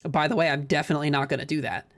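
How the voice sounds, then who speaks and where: A man from Minnesota with a Midwestern American accent, co-commentating a disc golf stream in a chatty, quick way that breaks easily into laughter. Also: a little high, steady tone, fairly bright tone. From Minnesota, USA. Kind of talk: casual live-stream commentary.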